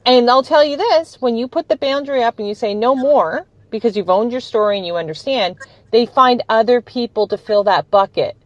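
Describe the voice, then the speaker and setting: A woman's voice: on the high side, brisk, dry recording, dull audio. A woman podcast host talking enthusiastically in a casual conversation, laughing often. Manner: enthusiastic, laughs often, acts out quoted voices.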